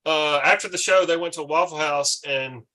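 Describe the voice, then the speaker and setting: Man, podcast host, rowdy storyteller, swears a lot; bright, fairly high voice. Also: normal speed. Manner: animated storyteller, swearing freely. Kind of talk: casual storytelling chat.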